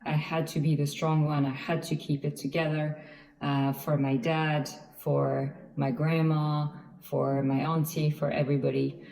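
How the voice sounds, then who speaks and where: A woman from France, sharing personal stories in a panel chat in an earnest, halting way. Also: low-pitched, little pitch movement, warm tone. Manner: earnest, halting, many restarts and fillers. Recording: roomy echo.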